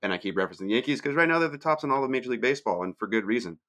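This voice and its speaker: A man's voice: mid-range voice, expressive, racing, fairly bright tone. A man co-hosting a sports podcast, giving blunt, dismissive analysis in casual chat. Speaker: podcast co-host.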